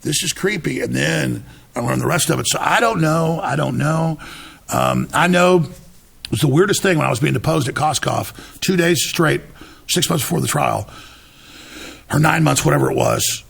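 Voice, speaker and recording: A man's voice: a little high, moderate pace, vocal fry, a bit bright, breathy edge. A man as an interview guest, telling his story emphatically, restarting words and acting out what others said. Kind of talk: animated storytelling in conversation.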